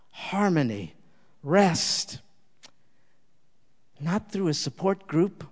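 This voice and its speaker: A man preaches with a fairly high voice, climbing to loud emphatic peaks and then dropping to a near hush in prayer. His words ring out with a long reverb, as if spoken in a large hall. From Jewish believer in Jesus. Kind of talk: sermon with closing prayer.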